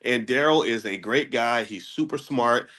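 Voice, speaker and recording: Man, middle pitch, casual finance lecture, emphatic, rhetorical questions, repeated restarts, voice spikes high on key points. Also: moderate pace, bright, forceful tone. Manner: jumps to a high pitch when making a point; often restarts and repeats words. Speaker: host of a daily finance class.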